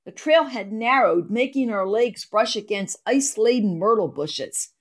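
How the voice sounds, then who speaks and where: A woman reading her own devotional blog post aloud in an earnest, expressive storytelling manner. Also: on the high side. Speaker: ministry blog writer.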